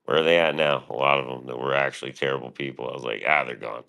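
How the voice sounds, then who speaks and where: A man's voice: extremely low pitch, steady tone, fast talker, gravelly, bright, forceful tone. A man streaming live, rambling casually and profanely about his past and his show, often quoting himself.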